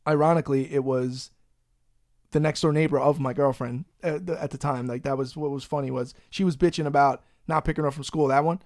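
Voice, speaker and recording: A man's voice: a little high, steady tone, a little fast, a little mellow, no echo, clean studio sound. Profane New guy telling a story. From Long Island, New York. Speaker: podcast host. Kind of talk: casual storytelling.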